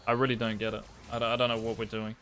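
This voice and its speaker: Young man, blunt profane coaching, casual slang, mid pitch. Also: flat delivery, racing, a bit bright, clean tone, dry recording, soft background music. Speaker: video game coach. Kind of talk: blunt gameplay coaching over a replay.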